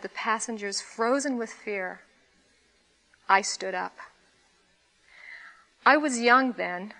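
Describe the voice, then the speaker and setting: Bright-voiced woman reading a story. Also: medium pitch, poor audio. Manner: expressive storytelling, laughing at times. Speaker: meditation teacher. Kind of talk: dharma talk, reading a story aloud.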